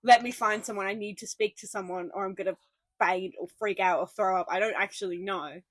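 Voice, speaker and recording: A woman's voice: mid-range voice, fairly quick, no room sound. A young woman with an Australian accent, co-hosting a casual podcast and rambling through a story with swearing and sarcasm. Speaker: podcast co-host. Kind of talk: casual chat.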